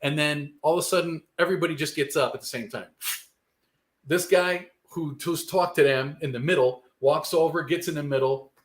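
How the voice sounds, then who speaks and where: A man's voice: on the high side, normal speed. A man, a guest telling a long rambling story in casual, profane street slang. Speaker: guest musician.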